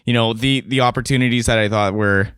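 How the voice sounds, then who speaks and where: A man's voice: medium pitch, fairly even intonation, quick pace, fairly bright tone, smooth, no room sound, clean studio sound. A man co-hosting a band podcast, talking in a casual, rambling way with lots of fillers and restarts. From Canada. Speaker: podcast co-host, band member. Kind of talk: casual chat.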